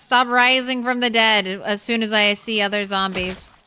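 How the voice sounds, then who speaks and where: A woman's voice: medium pitch, steady tone, normal speed, few pauses, bright, forceful tone, clean tone. A young woman streaming a video game, chatting casually with viewers and talking sweetly to her cat. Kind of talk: casual live-stream chat.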